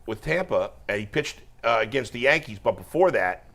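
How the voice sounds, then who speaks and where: A man hosting a casual sports talk show, explaining baseball roster moves in a steady, informative way. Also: medium pitch, moderate pace, creaky. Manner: steady, informative, stat-heavy.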